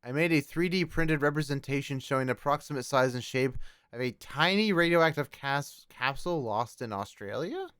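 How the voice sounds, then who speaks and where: A man co-hosting a podcast, chatting casually and reading posts aloud with excited exclamations. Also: medium pitch, moderate pace, clean tone, dry recording, clean studio sound. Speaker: podcast co-host. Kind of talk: casual chat reacting to posts.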